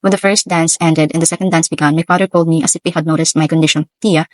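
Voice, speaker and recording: A woman narrating a light novel in first person, in a brisk, even reading. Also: low voice, no room sound, low-quality recording. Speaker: audiobook narrator.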